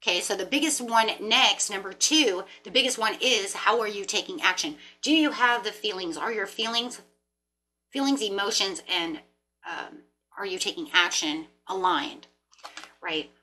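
A woman giving a casual tarot reading, animated and chatty, often repeating and restarting words as she thinks aloud, with the odd casual swear. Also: medium pitch, moderate pace. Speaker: tarot reader.

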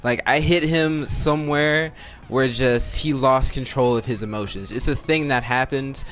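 A man's voice: medium pitch, moderate pace, a bit bright, soft background music. A man telling a personal story to his viewers in a casual, rambling way, filling his talk with "like" and checking in with "all right?". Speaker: storytime vlogger.

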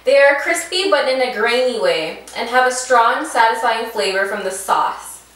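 A young woman co-hosting a casual snack unboxing, bubbly and excitable, reading package labels aloud. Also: a little high, moderate pace. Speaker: vlog co-host. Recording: echoey room, mic at a distance.

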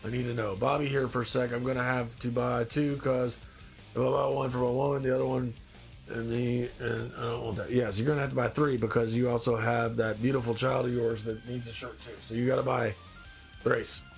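A man's voice: mid-range voice, little pitch movement, a little fast, creaky, soft background music. A man with a stuffy nose hosting a casual live stream, joking and rambling as he reads out viewer comments. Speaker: live-stream host in demon costume.

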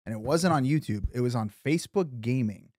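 Lively joking podcast co-host man. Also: mid-range voice, a little fast, dry recording, clean studio sound. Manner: animated, joking banter. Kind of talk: casual podcast chat.

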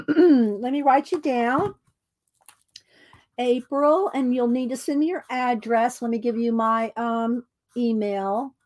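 A woman hosting a casual craft livestream, chatting to viewers by name with frequent ums and throat clearing. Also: fairly high pitch, slow, pauses often, a little mellow.

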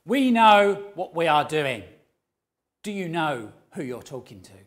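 A man voicing a proud, blustering male warship captain in a sermon story, loud and indignant. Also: a little high, very animated, measured pace.

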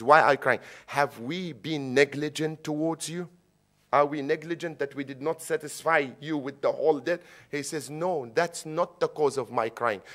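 A man giving a sermon in English, telling stories and mixing in Arabic religious phrases, building to loud emphatic peaks. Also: fairly high pitch. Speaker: sheikh giving a religious lecture. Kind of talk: sermon with storytelling. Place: mosque or Islamic centre hall.

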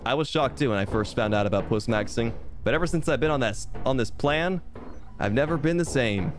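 Joking guy streaming a game, bouncy voice all over the place, self-roasting, mid pitch. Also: expressive, brisk. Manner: playful, rambling, self-mocking jokes. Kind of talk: casual gameplay commentary. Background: piano game music.

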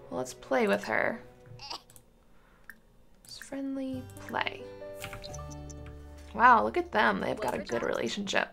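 A woman's voice: fairly high pitch, takes it slowly, long pauses, music in the background. A woman casually commenting on a life simulation game, coaxing and scolding the characters as if they were toddlers. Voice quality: gravelly vocal fry. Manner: chatty, talks to game characters like small children. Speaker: gaming channel host.

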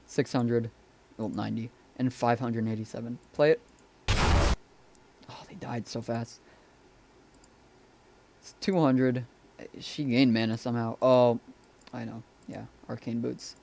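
Gravelly guy commenting a game replay. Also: mid-range voice, fairly even intonation, unhurried, long pauses, a little mellow. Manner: profane, offhand, talks over replay. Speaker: gameplay commentator.

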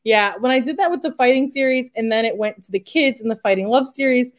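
A woman's voice: on the high side, fast talker. A woman in her forties, an author chatting as an interview guest, laughing often and joking about herself with lots of fillers. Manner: laughing, self-deprecating, many fillers. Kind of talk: casual interview chat.

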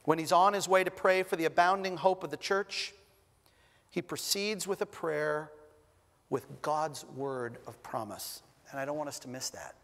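A man preaching a sermon as pastor, stressing single words with long pauses and adding light humor. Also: fairly high pitch, a bit bright. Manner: light humor between scripture readings. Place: church sanctuary. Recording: long reverb of a church hall.

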